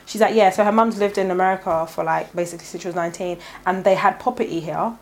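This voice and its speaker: Brief: woman, mid pitch, fast rambling co-host storyteller. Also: steady tone. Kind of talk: casual chat.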